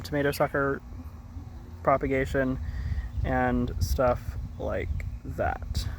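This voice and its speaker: A man's voice: medium pitch, gravelly. Rambling male gardener outdoors. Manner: rambling, self-correcting, chatty. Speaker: gardening vlogger. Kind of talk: casual rambling vlog. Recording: outdoor noise, sometimes far from mic. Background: birds and rural outdoor ambience.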